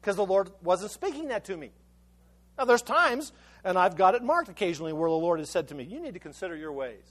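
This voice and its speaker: A man's voice: high voice, expressive, a little fast, fairly bright tone. A male pastor giving a conversational sermon, often stammering and restarting his words as he tells a story.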